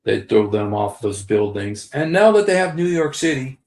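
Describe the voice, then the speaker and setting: Man in his 60s, casual livestream commentary, rambling and repetitive, gravelly, roomy echo. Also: medium pitch, very animated, moderate pace. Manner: rambling, repeats key phrases, addresses viewers directly. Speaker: live streamer.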